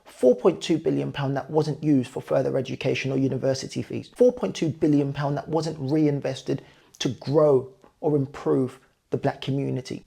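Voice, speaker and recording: A man's voice: medium pitch, gravelly, warm tone, breathy edge. A man, a property investor, earnestly walking viewers through figures and speaking to them directly. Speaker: property investor and channel host. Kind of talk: explanatory talk to camera.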